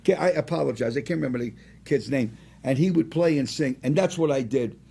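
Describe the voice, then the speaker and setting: A man around seventy, a singer and restaurant owner, telling rambling, animated stories as a guest in a casual interview. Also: mid-range voice, brisk, creaky, husky. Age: about 70.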